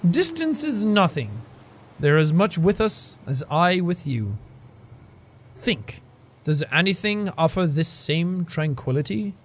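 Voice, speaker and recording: A man voicing a serene, wise deer as he reads game dialogue aloud, speaking in a slow, calm, soothing way. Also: fairly high pitch, slight background noise.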